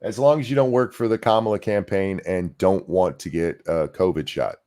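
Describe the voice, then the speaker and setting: A man's voice: low-pitched, normal speed, darkish tone. A man co-hosting a live reaction stream, trading sardonic and profane mocking asides. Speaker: co-host.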